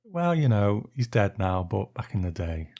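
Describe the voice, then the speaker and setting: A man's voice: on the low side, very animated, moderate pace, warm tone. An English man co-hosting a film podcast, talking in an easygoing storytelling way with chuckles. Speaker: podcast co-host. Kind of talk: casual podcast chat.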